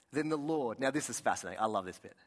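A man preaching a sermon, telling personal stories in an earnest way with frequent restarts and asides. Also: medium pitch. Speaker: pastor.

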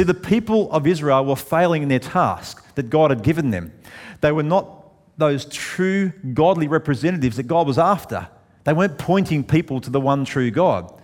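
A pastor preaching a sermon, expressive and conversational, with dramatic pauses. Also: male voice, a little high, in a large hall.

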